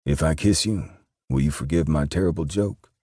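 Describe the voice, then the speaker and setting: Male narrator as a teasing baritone lover, dark and husky, soft drawl. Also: moderate pace, dry recording, studio quality. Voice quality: whiskey-rough baritone. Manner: teasing, gentle. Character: deep-voiced man with a hushed, teasing drawl.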